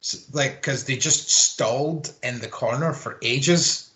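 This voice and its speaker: A man's voice: medium pitch, takes it slowly, sharp tone. A man, co-hosting a podcast and recapping wrestling in a rambling, sweary, casual chat. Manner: rambling, sweary play-by-play with filler words. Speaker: podcast co-host.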